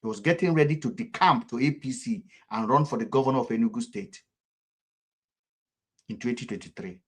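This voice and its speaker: A man with a Nigerian accent giving impassioned political commentary, repeating himself in a fervent rhythm and swinging sharply between loud and soft. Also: medium pitch, brisk, breathy edge.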